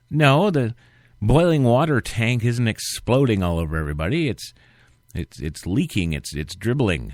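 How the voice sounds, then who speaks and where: A man's voice: mid-range voice, expressive, a little slow, no echo, clean studio sound. A man hosting an internet talk radio show, reading news stories and riffing on them in a sarcastic, rambling way.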